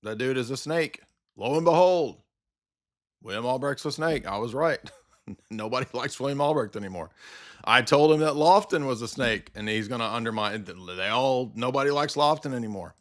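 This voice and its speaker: Sarcastic, bright-voiced male streamer. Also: medium pitch, moderate pace. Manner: combative, sarcastic, ranting. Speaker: livestream host. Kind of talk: livestream commentary rant.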